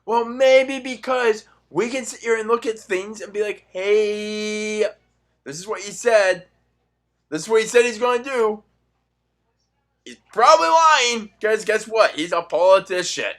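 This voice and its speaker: A young man rants in a sarcastic, profane monologue with a bright, forceful edge. His voice sits a little high for a man. He swings from loud outbursts to low muttering. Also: moderate pace. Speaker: political commentary vlogger. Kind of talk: ranting monologue.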